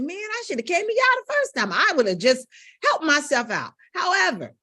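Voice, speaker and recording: Middle-aged woman vocal coach, high and animated, emphatic, stressing points again and again. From Gary, Indiana, USA. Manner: emphatic, repeats phrases for stress. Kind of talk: emotional motivational teaching.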